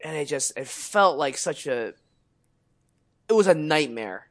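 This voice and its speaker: A young man co-hosting a podcast tells an animated story in casual chat, swearing freely and acting out the people he quotes. His voice is on the high side and he speaks unhurriedly.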